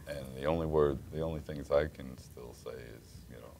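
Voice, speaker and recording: A man's voice: rumbling low, moderate pace, vocal fry, a little mellow. A man hosting a casual interview chat, keeping it moving with short encouraging replies. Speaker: host.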